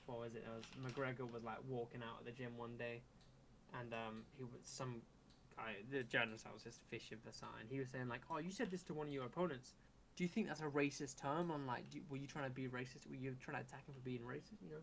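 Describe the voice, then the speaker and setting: A young man chatting casually on a gaming stream, swearing freely and telling animated stories. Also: mid-range voice, quick pace, creaky, slight background noise. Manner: swears a lot, animated storytelling.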